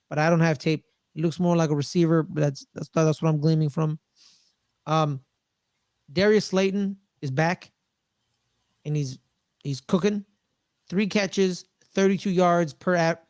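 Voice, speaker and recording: Brief: excitable male sports podcast co-host, high voice, dry close sound, repeats himself a lot. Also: no echo. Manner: excitable, repeats phrases for emphasis. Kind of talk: casual sports chat.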